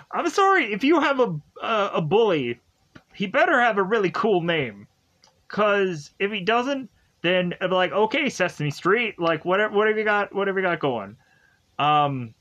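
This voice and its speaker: Brief young male reviewer, slightly higher voice, loose rambling recap with jokey asides. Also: fairly bright tone, low-quality recording. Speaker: show reviewer. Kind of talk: casual recap commentary.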